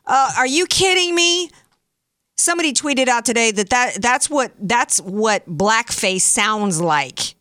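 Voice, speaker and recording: A woman hosting a talk radio show, giving opinionated commentary in a sarcastic, animated way into a studio microphone. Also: fairly high pitch, a little slow, hardly any pauses, no room sound.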